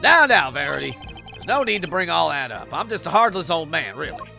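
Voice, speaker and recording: A doting, overly emotional old man in a mystery game, as a streamer puts him on. He talks in a theatrical, sentimental way, his pitch swinging widely, with a bright edge. Faint game music sits underneath. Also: very animated, fairly quick, creaky, heavily acted. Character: grandfatherly, overly emotional old chairman, male.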